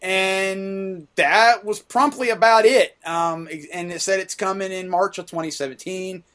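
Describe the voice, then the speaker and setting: A man's voice: high-pitched, fairly even intonation, unhurried, a bit bright, smooth. A man hosting a casual gaming podcast, often stumbling and restarting his sentences as he talks.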